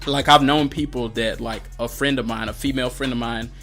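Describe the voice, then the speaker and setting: A man's voice: fairly quick, faint music behind. A man co-hosting a podcast, telling stories in casual chat, laughing often and acting out other people's lines. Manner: animated storyteller, laughing, acts out quotes in a high voice. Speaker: podcast co-host.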